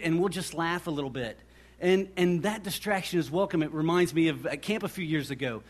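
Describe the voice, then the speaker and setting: A man's voice: on the high side, fairly quick. A middle-aged man preaching a sermon, telling personal stories and acting out what people said. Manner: storytelling, animated, acts out quoted voices. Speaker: pastor.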